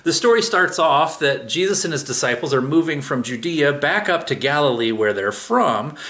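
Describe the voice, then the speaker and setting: Lively conversational male preacher. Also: fairly high pitch, normal speed. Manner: conversational storytelling, casual asides. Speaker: pastor. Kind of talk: sermon.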